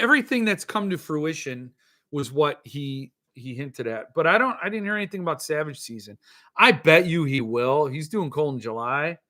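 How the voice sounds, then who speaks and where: Middle-aged male host, solo podcast chat, bright forceful tone, exasperated and ranting. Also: on the high side. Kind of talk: casual solo podcast reading chat comments.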